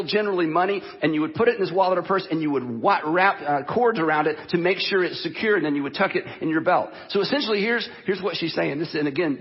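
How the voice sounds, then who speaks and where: A high, slightly husky male pastor preaches in an animated, conversational way and acts out the quotes as he goes. The sound is dull and lo-fi, with a long hall reverb behind it. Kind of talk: sermon.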